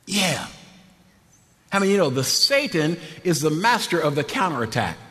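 An older man preaches in an animated way, laughing and swinging from loud bursts to quiet asides. His voice sits fairly high for a man. Long reverb trails every line, as in a church sanctuary. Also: normal speed. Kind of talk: sermon.

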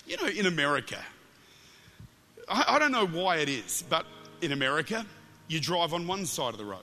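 A man's voice: a little high, moderate pace, in a large hall. A man with an Australian accent preaching a Pentecostal sermon, telling stories with jokes and often repeating his words as he goes. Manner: animated storytelling with jokes, stumbles and repeats words. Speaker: guest preacher.

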